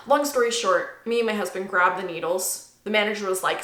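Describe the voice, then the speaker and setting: A woman speaks straight to camera in an indignant, emphatic rant, circling back and repeating her points. Her voice is bright and sharp. It rings with the echo of a hard room. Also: medium pitch, normal speed. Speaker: vlogger. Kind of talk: angry personal rant to camera.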